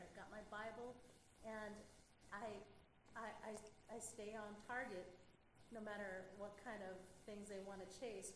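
A woman earnestly sharing her own experience with a class and encouraging others. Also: medium pitch. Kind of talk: personal testimony. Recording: echoey room with background noise.

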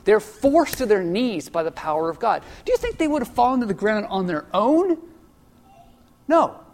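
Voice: mid-range voice, sing-song, a little fast, a little mellow. A Bible study teacher explaining a passage in an informal, conversational way, thinking aloud with asides. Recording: long reverb of a large hall.

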